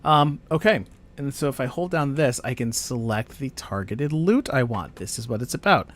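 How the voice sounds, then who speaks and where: A man's voice: medium pitch, animated, normal speed. A man giving casual commentary while he plays a video game, rambling to himself with frequent fillers and half-finished thoughts. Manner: rambling, self-talk with frequent fillers and trailing off. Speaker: gamer streaming his play. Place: home gaming setup on camera.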